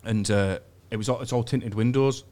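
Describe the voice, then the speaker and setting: A man's voice: medium pitch, normal speed, dark tone. A man from England, telling crude, sweary stories on a podcast and acting out other people's lines. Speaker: podcast guest. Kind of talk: storytelling in casual chat. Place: podcast studio.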